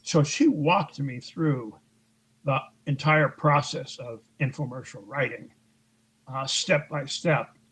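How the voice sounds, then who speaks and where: A man's voice: mid-range voice, slow pace, fairly bright tone, breathy edge, rough recording. A man being interviewed as an author, telling a long story in a conversational way and acting out what others said. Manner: recounts events at length, acting out others' lines in raised voices; frequent fillers and restarts, conversational.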